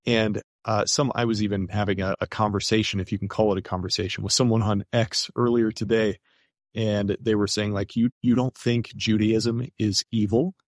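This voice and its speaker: A man's voice: lowish voice, little pitch movement, fairly quick, dry recording, clean studio sound. Earnest, casual man as a guest. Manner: casual, hedging with "kind of", earnest. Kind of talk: conversational talk show guest.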